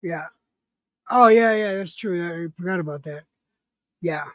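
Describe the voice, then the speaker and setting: A man with a high voice trades laughing, profane banter with a friend on his stream. The sound is dry and close, with nothing of the room. He stays loose and teasing the whole time. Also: unhurried, dry recording. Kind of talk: casual chat.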